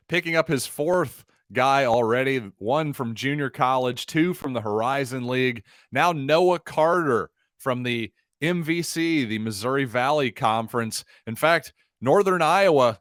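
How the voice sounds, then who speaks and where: A man's voice: mid-range voice, a bit bright, no room sound, clean studio sound. A man hosting a solo sports podcast, talking through the news in a conversational way with wry, sarcastic asides. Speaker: podcast host.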